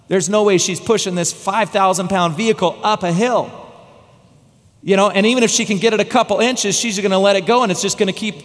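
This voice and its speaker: Male pastor, high voice in a reverberant church. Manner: dramatic, slowing and dropping low for tense moments. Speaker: guest pastor. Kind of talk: sermon storytelling. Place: church sanctuary. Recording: long church hall reverb.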